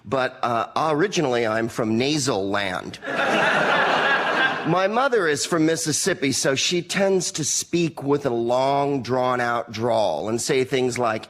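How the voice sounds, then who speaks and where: A man's voice: mid-range voice, background noise. A man from California with an American accent, a panelist riffing wryly in a comic monologue. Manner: wry, wordy, quick with jokes.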